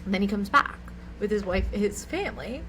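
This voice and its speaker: A woman's voice: mid-range voice, expressive, fairly quick, fairly bright tone, a little hiss or hum, low-quality recording. A young woman co-hosting a podcast, telling a rambling, giggly anecdote full of "like"s in casual chat. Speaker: podcast co-host.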